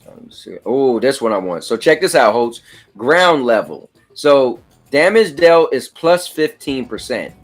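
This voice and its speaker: A man's voice: medium pitch, unhurried, soft background music. Laid-back man hosting a gaming chat. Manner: relaxed, reads out game stats. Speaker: host. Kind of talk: casual chat while playing a game.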